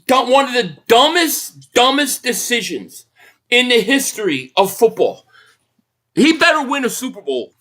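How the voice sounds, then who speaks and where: Angry guy on a live stream, cussing and hammering the same point, voice jumping all over, bright and punchy. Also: very high voice, sing-song, unhurried. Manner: furious, blunt, swearing, repeats his points. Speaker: live stream host reacting to a football game. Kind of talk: angry live reaction rant, reading viewer messages.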